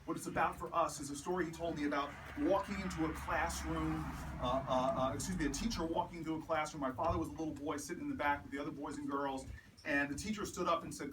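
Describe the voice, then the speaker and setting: A man giving a campaign speech with personal stories, an animated storyteller who builds to repeated rallying refrains. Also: high-pitched, fast talker. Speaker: politician. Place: house party in a home. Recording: distant mic with room noise.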